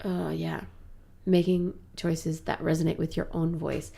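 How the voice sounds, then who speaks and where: A woman in her thirties, an improv actress guest on a podcast, telling animated stories in casual chat. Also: deep voice, gravelly, husky. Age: 30s. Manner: animated storyteller, laughs often, quick asides.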